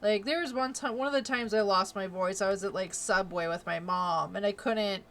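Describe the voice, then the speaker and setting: A woman's voice: mid-range voice, normal speed, fairly bright tone, slight background noise. A young woman streamer chatting casually, laughing often and filling her talk with "like" and "um". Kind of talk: casual chat.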